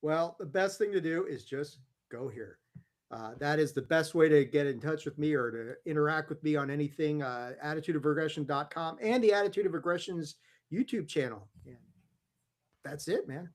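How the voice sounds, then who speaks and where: A man on a podcast panel, plugging his channel in a relaxed, unhurried way. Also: a little high. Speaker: podcast guest co-host. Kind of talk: casual podcast chat.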